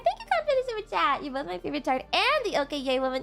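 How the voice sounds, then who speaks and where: A woman's voice: high-pitched, very animated, racing, vocal fry, few pauses, fairly bright tone, faint music behind. A woman streaming live, reading out chat messages and ranting back at them, swearing and throwing mock tantrums. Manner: reads out and reacts to chat messages. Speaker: VTuber streamer.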